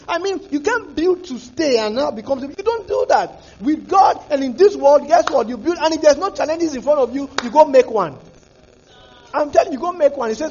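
Pastor preaching hard, really high voice, husky, bouncy pitch. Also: male voice, big pitch swings, brisk, a little mellow, highs cut off. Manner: fervent, repetitive preaching with restarts. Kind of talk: sermon.

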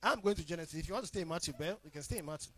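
A man preaching a sermon as the pastor, emphatic and repetitive, swinging between loud declarations and hushed asides. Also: fairly high pitch, rapid-fire, slightly rough, no echo, poor audio.

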